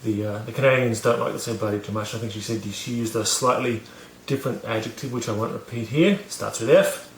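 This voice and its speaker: A man's voice: mid-range voice, a little fast, few pauses, echoey room, slight background noise. A man casually telling a story to camera, rambling with many fillers and restarts, poking fun at himself. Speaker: vlogger teaching about learning.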